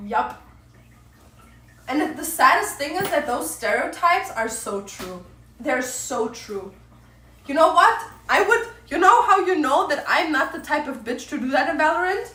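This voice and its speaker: A woman's voice: sits high, animated, measured pace, sharp tone. A young woman streamer ranting casually, crude, profane and mocking. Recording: roomy distant mic, faint noise.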